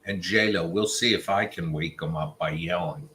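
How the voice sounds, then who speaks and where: A man's voice: sits low, normal speed, sharp tone. A man hosting a casual livestream chat, teasing and joking with his viewers. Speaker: livestream host.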